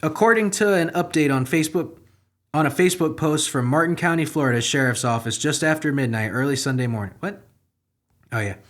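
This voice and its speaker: A young man hosts a comedy podcast, reading news stories aloud and interrupting them with profane, sarcastic, exasperated remarks. His voice is fairly high-pitched and brisk, and he swings between muttering and outbursts.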